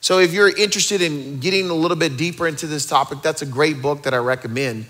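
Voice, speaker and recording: Male pastor, 30s, sermon; energetic, joking asides, bright forceful tone. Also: on the high side, fast talker.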